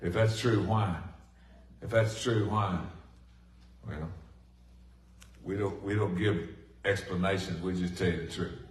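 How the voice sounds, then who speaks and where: Folksy preacher, echoey and distant. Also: male voice, sits low, measured pace, long pauses. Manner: folksy, animated preaching with swings from loud to hushed. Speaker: pastor. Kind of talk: sermon. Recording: echoey room from a distant mic.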